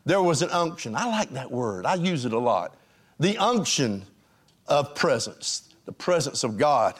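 A man preaching a sermon as pastor, addressing his congregation directly in a folksy way and swinging between emphatic lines and hushed ones. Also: mid-range voice, sing-song, a little slow, husky.

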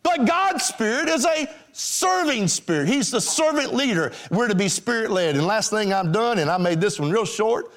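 Emphatic preacher with a lively voice. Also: male voice, high voice, normal speed, hardly any pauses. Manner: emphatic preaching, calls out to the congregation. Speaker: pastor. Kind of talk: sermon.

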